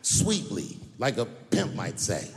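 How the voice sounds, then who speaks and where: A man's voice: on the low side, slow pace. A man performing stand-up comedy, telling stories and acting out the quotes. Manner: animated storytelling with acted-out quotes. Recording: reverberant venue with crowd noise.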